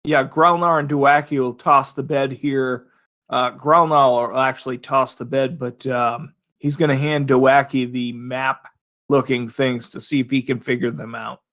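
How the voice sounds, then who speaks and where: A man's voice: medium pitch, steady tone, a little slow, fairly bright tone. A man playing a tabletop game, describing his character's actions hesitantly with many fillers. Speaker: player. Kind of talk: casual tabletop play.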